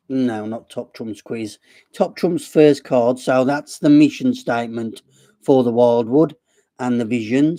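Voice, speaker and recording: Slow, dark-voiced Black Country man. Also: medium pitch. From Black Country, West Midlands. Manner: rambling, apologetic, self-deprecating. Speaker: live stream host. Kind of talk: casual live stream chat.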